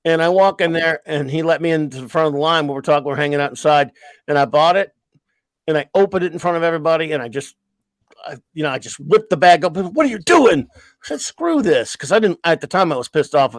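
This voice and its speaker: A middle-aged man with a fairly high voice tells long, rambling, profane stories in a casual host's chat. His voice sounds dry and close, with no room around it. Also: fast talker, no echo. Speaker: livestream host.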